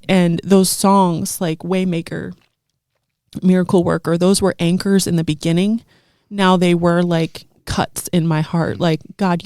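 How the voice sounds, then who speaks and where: In clean studio sound with no echo, a woman in her thirties tells a heartfelt personal story as a conversation guest. Her mid-range voice is a little mellow, and her earnest storytelling is packed with fillers.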